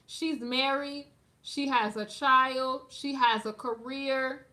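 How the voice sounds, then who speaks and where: A woman's voice: high voice, bright, forceful tone. A woman giving sassy, emphatic gossip commentary on a live stream, talking straight to her viewers in a slangy, casual way.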